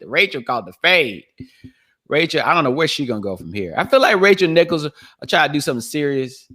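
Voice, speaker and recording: A man in his thirties hosts his own podcast, rambling in relaxed slang and circling back over the same phrases. He laughs easily, and his voice is slightly worn from recent shouting. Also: mid-range voice. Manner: loose, slangy, repeats phrases, laughs often. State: losing his voice. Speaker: podcast host. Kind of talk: casual solo podcast commentary.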